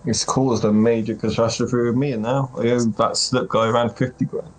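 A man playing a character at a tabletop game, talking in a halting way with many fillers. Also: mid-range voice, little pitch movement, low-quality recording. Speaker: player. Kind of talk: casual tabletop role-play.

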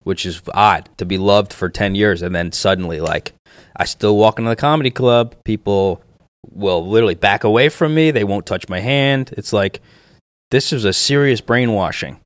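A man's voice: lowish voice, normal speed, dry recording. Brash profane male comedian, dry sound. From based in New York. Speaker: comedian guest. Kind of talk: casual podcast chat.

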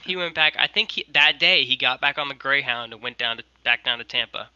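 A man's voice: medium pitch, fairly quick, smooth, no echo, lo-fi sound. A young man, a guest on a video call, telling a long rambling story and acting out what people said. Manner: rambling, animated, quotes people. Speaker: guest, merch designer. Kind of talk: casual storytelling.

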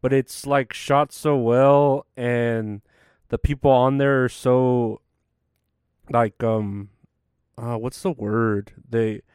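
A man's voice: medium pitch, fairly even intonation, slow pace, darkish tone, clean tone, no echo, studio quality. A young man rambling casually to camera, tired and yawning, full of fillers and restarts. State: sleepy, yawning. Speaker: vlogger.

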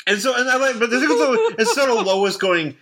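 A man's voice: very high voice, animated, a little fast, a bit bright, a little hiss or hum. A man co-hosting a podcast in casual comic chat, playful, riffing jokes and laughing. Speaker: podcast co-host.

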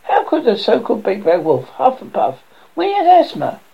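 A woman's voice: mid-range voice, wildly swooping pitch, moderate pace, gravelly, husky, pitched above the performer's own voice, full character voice. A woman voicing a thoughtful male pig juror who argues his case earnestly. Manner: earnest, reasoning. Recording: dull lo-fi recording.

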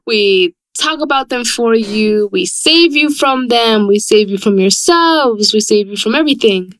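Smooth-voiced young woman, chatty podcast host. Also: a little high, lively intonation. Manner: chatty, swears freely, rushes in quick bursts. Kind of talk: casual chat.

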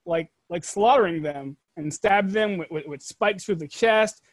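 A man's voice: high voice, unhurried, dry recording. A man in his fifties chatting casually as a podcast guest, chiming in with short remarks. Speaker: guest, host's father or uncle.

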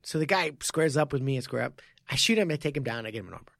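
Male podcast coach, lively storyteller, gravelly voice, dry close mic, laughs often. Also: medium pitch, very fast, dry recording. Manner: animated, laughs often, lots of restarts. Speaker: podcast co-host and martial arts coach. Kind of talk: casual storytelling chat.

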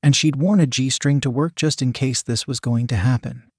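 A man narrates an erotic audiobook in a steady, even storytelling read. His voice sits at an ordinary middle pitch. The sound is dry and close, with no room around it. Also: normal speed, slightly rough, no room sound.

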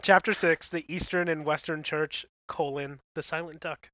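A man's voice: on the high side, fairly even intonation, moderate pace, fairly bright tone, no echo. Blunt man with a dull dry sound. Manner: blunt, crude, chuckling. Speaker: podcast co-host. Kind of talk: casual crude film recap chat.

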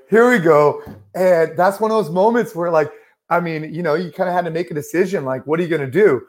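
Brief: thirties man, slightly high voice, rambling podcast storyteller, full of "like" and "you know". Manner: animated storyteller, many fillers like "like" and "you know". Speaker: podcast co-host.

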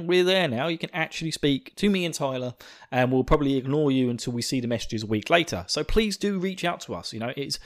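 A young man from England with an Essex accent, hosting a podcast in casual, self-mocking chat and laughing often. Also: fairly high pitch. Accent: Essex English. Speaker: podcast host.

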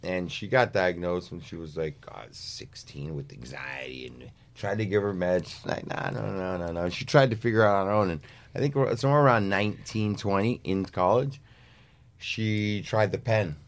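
A man's voice: low-pitched, lively intonation, fairly quick. A man co-hosting a podcast in casual chat, asking short questions. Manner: brief questions and backchannel.

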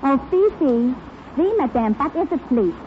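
A woman's voice: high-pitched, expressive, moderate pace. A woman voicing an eager young maid, in a 1930s radio comedy. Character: flustered young French maid, eager to please. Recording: tinny, hissy 1930s radio broadcast.

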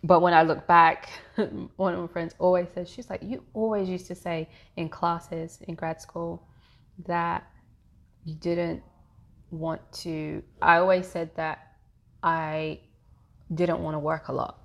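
A woman, a therapist talking openly as a podcast guest, animated and laughing often. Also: fairly low pitch, slow. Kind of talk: casual podcast interview.

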